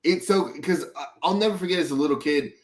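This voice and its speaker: A man's voice: fairly high pitch, quick pace, a crowd in the background. A man from Texas hosting a casual sports podcast, talking loosely with lots of swearing and rambling asides. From Dallas, Texas. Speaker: podcast host.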